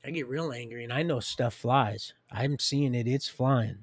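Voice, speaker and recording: A man's voice: medium pitch, unhurried, dry recording. A man hosting a livestream, rambling and preachy, talking straight to his viewers. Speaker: livestream host.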